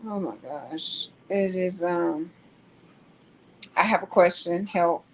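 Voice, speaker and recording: A woman hosting a casual live talk, pausing often with ums and restarts. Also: fairly low pitch, a little hiss or hum, low-quality recording. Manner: slow, hesitant, many ums and restarts. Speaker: host.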